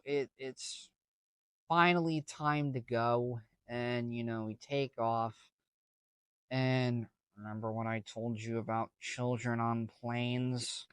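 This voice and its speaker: Slow, rambling male storyteller. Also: medium pitch, steady tone, smooth, dry recording. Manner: rambling, full of slang and restarts. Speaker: vlogger. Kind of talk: casual storytime.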